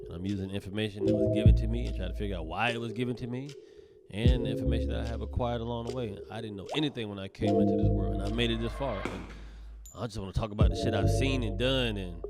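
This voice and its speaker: A man, a comedian hosting his own podcast, talks in a rambling, profane solo monologue that keeps breaking off and restarting. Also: fairly low pitch. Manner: rambling, profane, self-interrupting.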